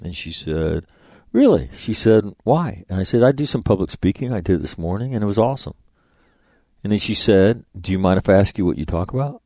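A man's voice: low voice, lively intonation, fairly quick, darkish tone, dry recording, studio quality. A middle-aged man hosting a show, telling stories in a blunt, profane, rambling way with many restarts. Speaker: podcast host and public speaker. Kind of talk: casual storytelling monologue.

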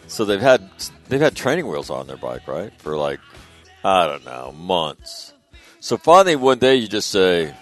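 A middle-aged man hosting a talk radio show, telling stories in a casual, animated way, swearing freely and loudly acting out other voices. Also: rumbling low.

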